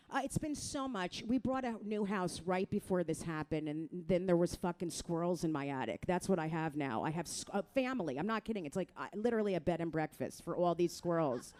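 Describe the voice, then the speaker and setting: A middle-aged woman from New Jersey doing a crude, self-mocking stand-up set, talking straight to the crowd and jumping into loud mock voices. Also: fairly low pitch, animated, normal speed, slight background noise. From New Jersey, USA. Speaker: stand-up comedian.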